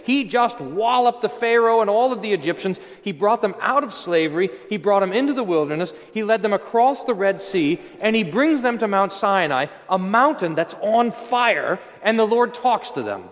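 A male pastor delivers a sermon with animated, emphatic preaching. His voice sits high and climbs and falls a lot. The church around him rings with a long reverb. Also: moderate pace, hardly any pauses.

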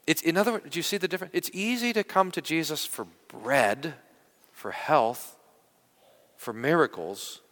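A man preaching a sermon as pastor, talking in an animated, conversational way, often restarting and repeating words. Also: on the high side, long reverb tail. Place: church.

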